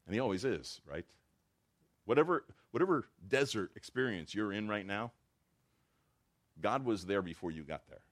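A man preaching a sermon to his congregation, his voice pitched fairly low. He talks in an animated way and acts out the dialogue he quotes. It sounds like a pastor speaking in church. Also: normal speed, long pauses.

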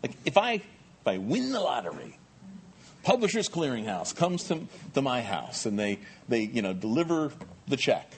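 A middle-aged male pastor preaching a sermon in a lively, conversational way with jokey asides. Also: medium pitch, moderate pace, a little hiss or hum.

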